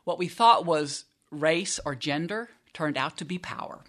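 A business school professor, a woman with a deep, slightly slow and somewhat bright voice, appears as an interview guest. She explains her research in a conversational way, often stopping to restart and correct her sentences.

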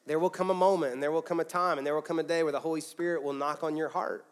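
Emphatic preacher. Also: male voice, fairly high pitch, fairly even intonation, quick pace. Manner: emphatic preaching with big swings from loud to soft. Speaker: pastor. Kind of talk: sermon. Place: church auditorium with a congregation.

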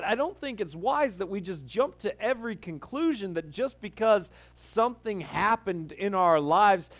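A man with a high voice tells a story in a loose, conversational sermon style. He talks as a pastor would to a congregation, often restarting his phrases. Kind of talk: casual sermon-style talk.

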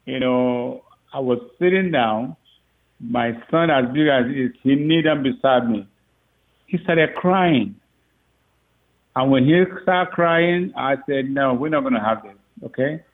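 A man, the father of a recruit, telling a story in a rambling, halting way with frequent laughs. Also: mid-range voice. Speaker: father of a recruit, interview guest. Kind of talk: phone interview, storytelling. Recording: tinny phone line.

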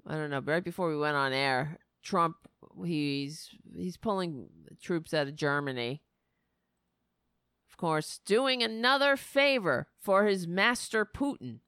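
A woman's voice: sits low, animated, measured pace, a bit bright, clear, resonant tone, no room sound, clean studio sound. A woman hosting a political talk show, ranting with sarcastic, indignant anger and frequent swearing. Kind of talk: angry political commentary.

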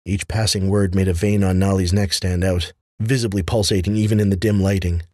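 A man reading fantasy fiction aloud in a measured, even storytelling manner. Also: low voice, no echo, studio quality. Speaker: audiobook narrator. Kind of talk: scripted fantasy narration.

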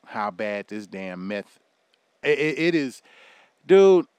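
A man delivering a loud, profane, animated rant to his audience. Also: medium pitch, takes it slowly, pauses often, clean tone, dry recording. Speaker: commentary vlogger.

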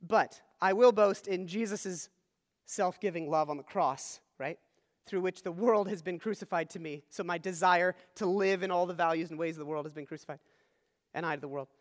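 High-voiced man preaching in a reverberant hall. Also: moderate pace. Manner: earnest teaching, frequent "all right?" check-ins. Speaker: pastor. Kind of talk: sermon.

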